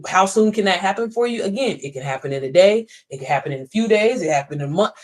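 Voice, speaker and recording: A woman's voice: medium pitch, animated, fast talker. Emphatic woman coaching viewers on livestream. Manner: emphatic, preachy, swearing, talks straight to viewers. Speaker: online business coach. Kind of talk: casual livestream pep talk. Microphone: phone.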